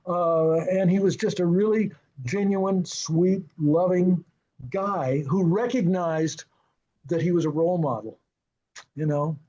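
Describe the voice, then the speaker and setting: An older man with a high voice, a film and television director appearing as an interview guest, tells anecdotes at an unhurried pace. He's lively, chuckles often, and acts out the dialogue he quotes. The highs in the recording are cut off.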